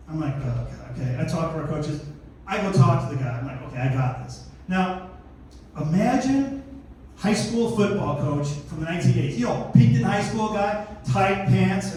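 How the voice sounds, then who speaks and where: A middle-aged man doing a stand-up comedy routine on a theater stage, telling stories in an animated way and acting out the characters. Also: high voice, a little hiss or hum. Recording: echoey theater from far off, faint ambience.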